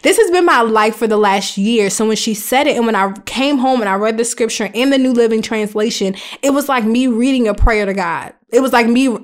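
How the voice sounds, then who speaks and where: Earnest woman hosting a faith podcast. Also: fairly high pitch. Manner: earnest, conversational, emphatic. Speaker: podcast host.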